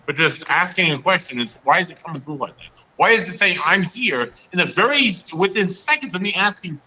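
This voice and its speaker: A man's voice: sits high, expressive, brisk, pushed and bright, a little hiss or hum, low-quality recording. A man talking casually with fellow paranormal investigators, explaining things step by step and asking pointed questions. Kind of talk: casual group chat.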